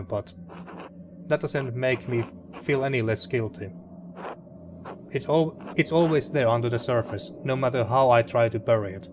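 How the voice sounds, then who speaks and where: A man reading a grieving, guilt-ridden middle-aged man in a narrative game, quiet and halting. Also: medium pitch, background noise, lightly acted.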